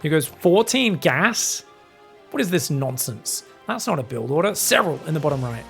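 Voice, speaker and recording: Australian man, high voice, gravelly, animated game commentary, faint music behind. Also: moderate pace. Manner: animated, casual, jokey, swears. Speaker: esports caster.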